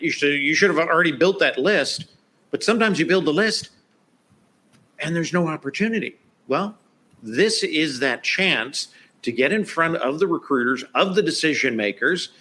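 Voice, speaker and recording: A man's voice: fairly high pitch, sharp tone. A man guest on a podcast interview, talking casually with lots of "you know" and "right?". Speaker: guest expert.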